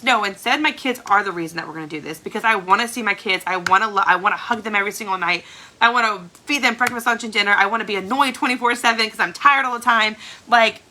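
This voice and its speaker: A woman's voice: medium pitch, fast talker, pushed and bright, a little hiss or hum, rough recording. A woman, telling her own story at a sales team training in a chatty, emphatic way full of "like". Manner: chatty, fillers "like", emphatic repeats. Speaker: Scentsy star director. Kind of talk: motivational personal story.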